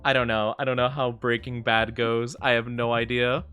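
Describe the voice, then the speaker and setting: A man's voice: medium pitch, flat delivery, moderate pace, bright, forceful tone, soft background music. A young man chatting casually on a gaming live stream, rambling and giggly, often thanking viewers.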